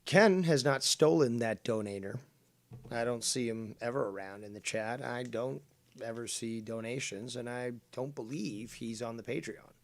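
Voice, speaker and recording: A man co-hosting a casual chat, sarcastic and mocking, throwing out loud jabs. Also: medium pitch, moderate pace.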